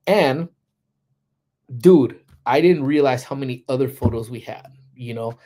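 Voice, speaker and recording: Mellow-voiced man rambling on a livestream. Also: mid-range voice, unhurried. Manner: rambling, greets chat viewers by name; heavy "you know" fillers and restarts. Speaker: livestream host. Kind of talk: casual livestream chat.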